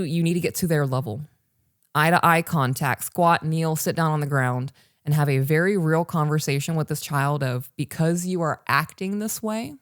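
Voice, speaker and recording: A woman's voice: deep voice, no echo, studio quality. A woman in her thirties co-hosting a parenting podcast, talking emphatically and straight to the listener. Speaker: podcast co-host. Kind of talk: casual parenting podcast talk. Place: recorded live for online patrons.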